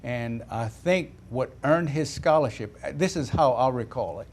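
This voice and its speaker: A man talking as a studio guest, with a mid-pitched voice. He speaks in a measured, reflective way and recalls details with care. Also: a little mellow. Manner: measured, thoughtful, recalls carefully. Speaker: studio guest, former player. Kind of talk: reflective sports talk.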